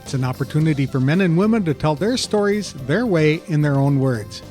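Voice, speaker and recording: Older man, podcast host, measured intro read, faint music bed. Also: a little high, lively intonation, darkish tone. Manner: measured, reads a prepared introduction. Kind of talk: scripted podcast intro and interview.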